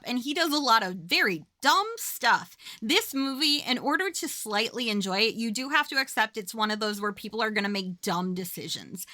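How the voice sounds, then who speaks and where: A woman's voice: fairly high pitch, sharp tone, dry recording. A woman hosting a podcast, recapping a movie in casual chat, giggly and swearing freely with lots of fillers. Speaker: podcast host.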